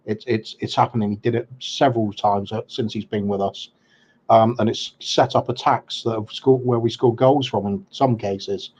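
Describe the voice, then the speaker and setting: A man co-hosting a casual football chat, pausing often with ums and restarting his sentences. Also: on the low side, fairly even intonation, darkish tone, breathy edge, muffled recording. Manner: hesitant, lots of ums and restarts. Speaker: podcast co-host.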